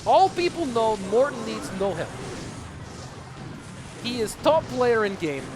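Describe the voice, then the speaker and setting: A man's voice: very high voice, big pitch swings, measured pace, full character voice. A man doing a mock Russian esports caster. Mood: playful. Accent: put-on Russian. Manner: drops articles, broken English for effect. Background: music.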